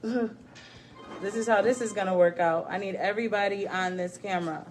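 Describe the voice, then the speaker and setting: A woman's voice: mid-range voice, fairly even intonation, normal speed, faint music behind. A woman hosting a podcast on a live stream, talking casually in a brash, profane way while hyping the show. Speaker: podcast host. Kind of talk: casual livestream talk. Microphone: phone or camera on a live stream.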